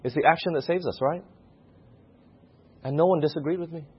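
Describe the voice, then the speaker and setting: A man's voice: fairly high pitch, a little fast, slightly rough. A man preaching a sermon who keeps putting questions to the congregation. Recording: muffled lo-fi recording.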